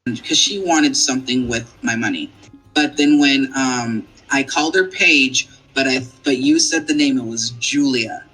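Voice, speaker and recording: Man, interview guest; bright, forceful tone, rambling casual storytelling. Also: medium pitch, measured pace, husky, faint music behind, low-quality recording. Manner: rambling, animated retelling.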